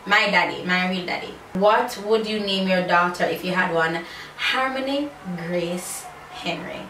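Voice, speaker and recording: A woman's voice: lowish voice, measured pace, bright, forceful tone. A woman in her thirties with a Jamaican accent, answering tag questions in a sassy, playful way on a phone video. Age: 30s. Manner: sassy, playful, breaks into little sung bits. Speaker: YouTuber. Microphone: phone camera. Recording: roomy, distant phone mic, faint ambient noise.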